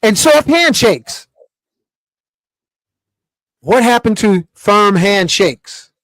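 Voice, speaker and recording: A man hosting a live talk show, lecturing in an emphatic, animated way. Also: sits high, drawn-out words, no echo. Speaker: show host.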